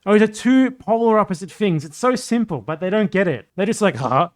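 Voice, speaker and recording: A young political streamer gives combative, profanity-heavy live-stream commentary. His voice sits a bit high for a man, with lively intonation and a darkish tone, as he swings between quick outbursts and lower, muttered asides.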